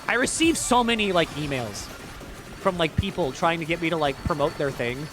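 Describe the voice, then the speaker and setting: A man's voice: on the high side, animated, moderate pace, background noise. A young man streaming a game, chatting casually and rambling with lots of "like". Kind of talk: casual gameplay chat.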